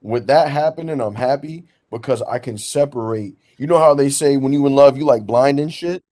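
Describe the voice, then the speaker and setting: A man, a podcast host telling a long story in casual, slangy, animated chat. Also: mid-range voice, normal speed. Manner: animated, slangy, laughs through his story.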